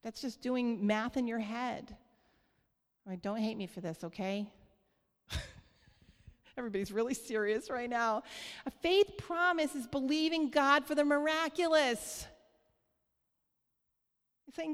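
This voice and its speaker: A woman preaching a sermon in church, earnest and light, often laughing softly and checking in with the congregation. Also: a little high, unhurried, pauses often, clean tone. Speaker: church speaker. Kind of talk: sermon on giving. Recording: long hall reverb.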